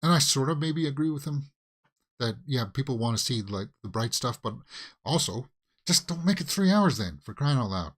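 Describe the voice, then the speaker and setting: A man's voice: mid-range voice, lively intonation, normal speed. A man hosting a daily movie news show, giving casual, opinionated commentary with lots of fillers and restarts.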